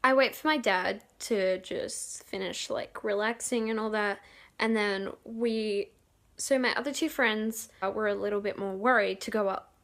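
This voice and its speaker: A young woman telling a rambling, excited storytime, giggling and acting out quotes loudly. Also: medium pitch, unhurried. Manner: excitable, giggly, acts out quotes with bursts of loudness; rambling with many fillers and restarts. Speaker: vlogger. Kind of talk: casual storytime.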